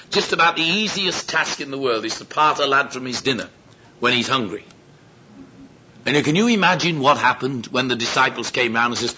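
A man preaching a sermon, telling stories and acting out the voices of the people in them. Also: medium pitch. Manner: lively, acts out quoted voices. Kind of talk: sermon with storytelling. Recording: dull lo-fi sound with faint noise.

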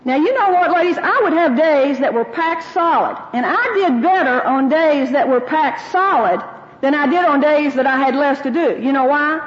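A middle-aged woman with a high voice teaches a women's group, folksy and personal, slipping into her own remembered prayers. The recording is dull and lo-fi, with a long reverb from a large room. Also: lively intonation, normal speed. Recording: dull, roomy hall sound.

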